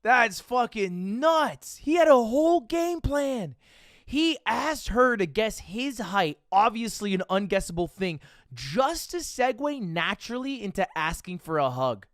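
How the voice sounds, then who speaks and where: A man streaming live and reacting to a video with animated, profane, mocking commentary. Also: high-pitched, a little slow, dry recording, clean studio sound.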